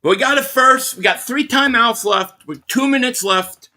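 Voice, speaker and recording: High, bright, excitable male stream host. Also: moderate pace. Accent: Philadelphia. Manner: excitable fan commentary, reading out super chats. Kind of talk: live play-by-play reaction stream.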